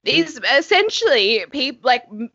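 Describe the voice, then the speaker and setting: A woman's voice: high-pitched, unhurried, vocal fry, no echo, lo-fi sound. A woman co-hosting a casual reality TV recap podcast, laughing a lot, swearing freely and acting out quotes from the show. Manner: swears freely, laughs often, animated quoting. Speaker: podcast co-host.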